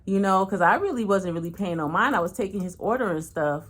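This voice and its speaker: A lively woman, telling a story in a casual storytime vlog. She is frank and slangy and curses freely. Her pitch leaps high and drops low as she plays out each person's lines. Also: fast talker. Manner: animated, acts out every voice with big pitch swings. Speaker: channel host.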